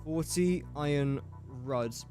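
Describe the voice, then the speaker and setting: Soft music sits under a slightly high, dark-toned male voice speaking at a slow pace. It's a young gaming streamer from England, English and playing a building game, talking through factory maths and lobbing jokes at his chat in casual live-stream commentary.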